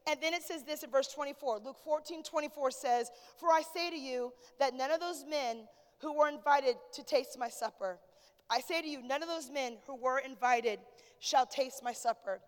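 Woman pastor, sermon, high voice, long hall reverb, calls out to the congregation. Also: moderate pace. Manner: preaching, swings from hushed storytelling to shouted praise.

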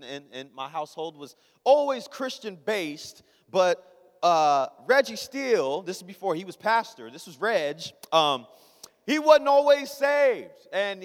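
A man's voice: high-pitched, fairly bright tone. A young man preaching a casual, joking sermon, telling stories and acting out his father's voice. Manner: conversational, joking, acts out his father's lines. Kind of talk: humorous sermon storytelling. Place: church sanctuary. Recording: long reverb of a hall.

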